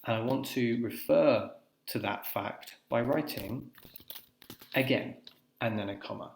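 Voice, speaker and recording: A man teaching English, thinking aloud and dictating phrases slowly as he writes a letter on screen. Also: medium pitch, gravelly. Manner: talks while typing, dictating phrases slowly. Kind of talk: live writing demonstration, thinking aloud. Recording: echoey room with faint noise. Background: keyboard typing.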